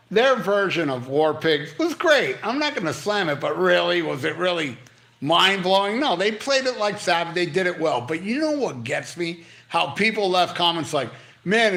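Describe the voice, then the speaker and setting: An older man hosting a casual livestream, reading comments and ranting bluntly with lots of swearing while on pain medication. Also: on the high side. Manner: blunt, profane, animated ranting. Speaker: livestream host.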